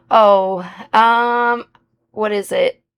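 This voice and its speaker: Woman with an accent, live-stream host; unhurried, gravelly, chatty, mumbling to herself mid-game. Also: mid-range voice. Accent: non-British accent. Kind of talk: casual live-stream chat.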